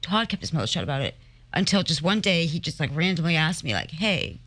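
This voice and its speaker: A woman's voice: low-pitched, very animated, quick pace, fairly bright tone. Hesitant woman podcast guest. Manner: hesitant, laughing now and then, trailing off. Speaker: paranormal investigator guest. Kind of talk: live podcast interview.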